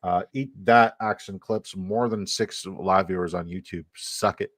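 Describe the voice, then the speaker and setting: A man's voice: sits low, a little slow, fairly bright tone, no room sound. A young adult man hosting a casual livestream with brash, profane, hype-man energy. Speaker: host.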